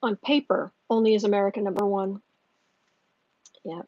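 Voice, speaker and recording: A woman's voice: medium pitch, normal speed, dark tone, no room sound, muffled recording. Worked-up woman venting on a livestream. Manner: heated, ranting, frequent restarts. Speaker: tarot reader and channel host. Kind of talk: livestream tarot reading with chat.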